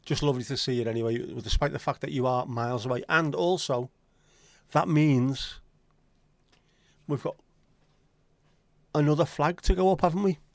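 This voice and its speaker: A man's voice: on the high side, moderate pace, pauses often, no room sound. A man hosting a casual livestream, chatty and joking as he answers viewer comments. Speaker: livestream host.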